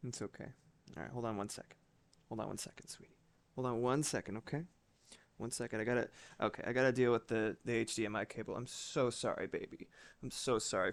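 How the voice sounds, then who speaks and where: A man's voice: mid-range voice, no echo. A man streaming live from home, chatting casually with his audience and swearing now and then.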